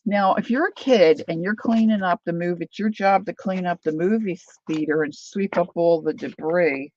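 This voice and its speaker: Middle-aged female crafter, chatty storyteller, husky gravelly voice, muffled recording. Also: on the low side, moderate pace, darkish tone. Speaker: craft vlogger. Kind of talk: casual storytelling while crafting.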